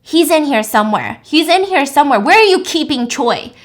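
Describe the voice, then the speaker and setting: A woman voicing a grieving father who loses control and yells accusations at his friends. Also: sits high, animated, fairly quick, voice pushed up. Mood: furious. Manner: yelling, accusing, swearing. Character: frantic grieving father, a man shouting accusations.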